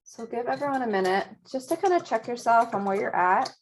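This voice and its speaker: A woman teaching a virtual painting class, guiding students gently step by step at a close mic. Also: a little high, expressive, brisk, a little hiss or hum. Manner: gentle, encouraging step-by-step guidance. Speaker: painting instructor.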